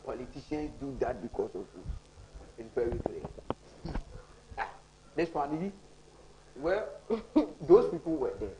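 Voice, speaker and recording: A man with a Ghanaian English accent, a TV panel guest, speaking bluntly and often dropping into quiet asides. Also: mid-range voice, very animated, unhurried, pauses often, noisy background. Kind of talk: casual panel discussion.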